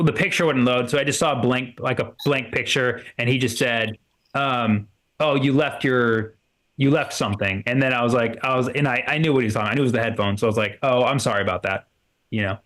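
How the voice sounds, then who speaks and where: A man's voice: mid-range voice, a bit bright. Rambling male stand-up comic. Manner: rambling storytelling with many restarts and fillers; acts out both sides of conversations in quoted dialogue. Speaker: stand-up comedian. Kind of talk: stand-up set on a livestream.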